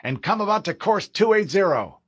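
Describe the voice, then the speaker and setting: Brief: tense captain barking commands, as a male narrator does him, pitched up and terse. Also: lively intonation, normal speed, husky, dry recording. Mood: grim command. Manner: clipped, growled orders. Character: gruff male starship captain, tense and angry.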